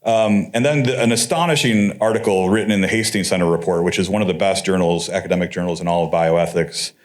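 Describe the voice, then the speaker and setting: A man is speaking at a conference, and his voice sits somewhat low. He lectures in an easy, conversational way. Now and then he drops a wry, sarcastic aside. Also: quick pace. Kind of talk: academic lecture.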